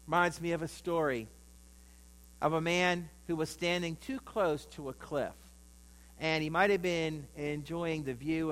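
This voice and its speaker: A pastor preaching a sermon, telling a story and acting out the voices in it. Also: male voice, medium pitch, fairly bright tone, rough recording.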